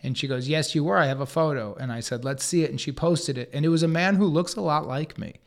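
Guy in his 40s telling a story on a podcast, acts out everyone's lines, slightly high voice. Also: fast talker, vocal fry. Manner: animated, acts out others' lines in quotes. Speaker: podcast co-host and guest. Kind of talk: casual storytelling chat.

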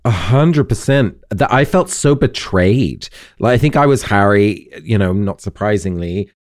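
A man's voice: lowish voice, expressive, measured pace, no room sound. A man co-hosting a casual podcast discussion, talking earnestly and emphatically with plenty of "like" fillers on a close mic. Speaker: podcast co-host.

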